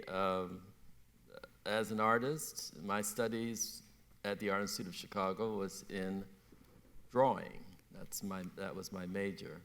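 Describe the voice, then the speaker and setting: A man, a painter, speaking on a festival panel in a reflective, measured way. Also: lowish voice, vocal fry. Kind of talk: panel conversation. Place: festival stage.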